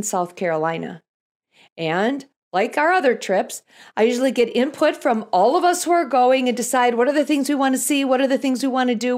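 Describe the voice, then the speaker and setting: A woman's voice: fairly high pitch, darkish tone. A middle-aged woman hosting a podcast, telling a personal story with dry, self-deprecating humor before moving into Bible teaching. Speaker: podcast host.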